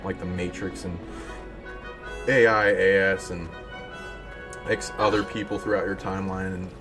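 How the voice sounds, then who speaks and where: Low, flat man streaming casually, rambling, music playing underneath. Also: measured pace. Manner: rambling, many fillers and restarts. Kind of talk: casual live-stream chat.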